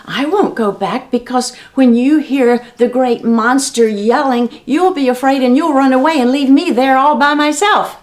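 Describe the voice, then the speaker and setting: A woman's voice: sits high, normal speed, hardly any pauses, lightly acted. A woman voicing a cowardly male tiger who pleads fearfully in a storybook tale. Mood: scared.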